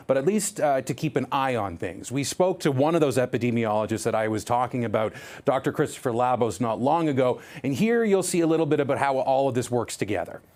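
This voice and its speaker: A man reporting live for a news broadcast, talking through the facts in an easy, explanatory way. His voice sits at an ordinary middle pitch, and he sometimes restarts a phrase as he thinks aloud. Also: a little mellow.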